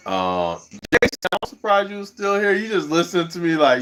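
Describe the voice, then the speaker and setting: A man's voice: high voice, sing-song, normal speed, music in the background. A man livestreaming, chatting casually and rambling, chuckling often as he talks.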